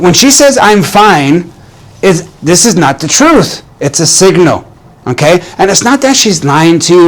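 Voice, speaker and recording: Earnest man coaching with steady repetition. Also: a little high. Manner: earnest, repetitive, addresses viewer as "man", many restarts. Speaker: relationship coach. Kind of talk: direct-to-camera advice talk.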